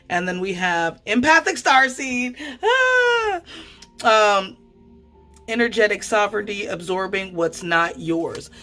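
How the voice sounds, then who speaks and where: A woman giving a casual tarot card reading, chatty and quick to swear, often stammering and restarting her sentences. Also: lowish voice, a bit bright. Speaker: tarot reader.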